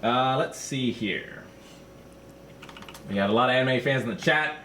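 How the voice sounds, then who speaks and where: A man's voice: medium pitch, measured pace, pushed and bright, slight background noise. A man co-hosting a casual podcast, upbeat as he reads out viewer donations and messages. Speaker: podcast co-host reading donations. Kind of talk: casual chat.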